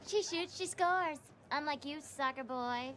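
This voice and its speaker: A woman's voice: sits high, measured pace. A sassy, taunting teen girl. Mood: mocking. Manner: mocking, taunting. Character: sassy teenage girl, best friend, rude. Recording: noisy film clip audio.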